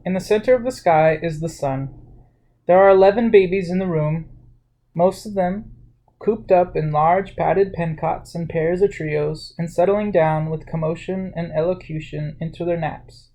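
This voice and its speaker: A reader narrating a novel at an even, unhurried pace, with an occasional small slip that gets corrected. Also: mid-range voice, poor audio. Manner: plain unhurried reading, slight slips and self-corrections. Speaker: audiobook narrator. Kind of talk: storybook reading.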